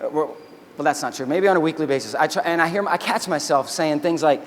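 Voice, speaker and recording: Keynote speaker, male, high voice, animated storyteller, big hall echo. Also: brisk. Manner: animated storytelling, acts out quotes, addresses crowd as y'all. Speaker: keynote speaker, army veteran. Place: large convention hall. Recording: long hall reverb.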